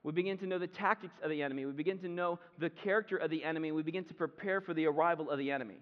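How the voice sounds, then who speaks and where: A man preaches a sermon in a loose, conversational way, dropping in offhand asides. His voice sits a bit high, and it rings out with a long hall reverb. The recording is dull and muffled. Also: racing. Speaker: pastor.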